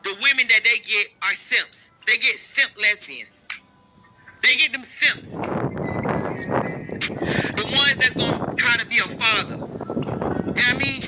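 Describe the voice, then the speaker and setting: A man ranting with plenty of swearing in casual conversation. His voice is extremely high and piercingly bright, and faint noise sits behind it. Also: wildly swooping pitch, unhurried, long pauses, rough recording. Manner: ranting, profane. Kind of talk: casual chat.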